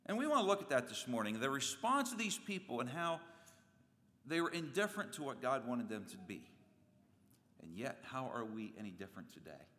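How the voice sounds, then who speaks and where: A man preaching a sermon in a church, animated, acting out voices and swinging his pitch and loudness widely. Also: a little fast. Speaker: pastor. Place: church sanctuary. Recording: long reverb of a church hall.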